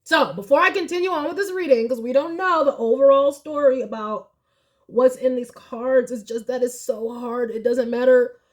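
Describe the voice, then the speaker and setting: A young woman giving a casual tarot reading to camera, emotional and chatty, turning tearful, her voice swinging from soft and low to high and loud. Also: normal speed. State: tearful, crying at times. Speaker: tarot reader.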